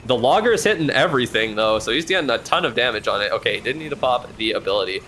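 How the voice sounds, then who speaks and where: Offering loose, chatty live commentary on a match, a streamer speaks in an ordinary middle pitch and jumps on each turn with quick, excited reactions plus the occasional casual swear. Some slight background noise can be heard.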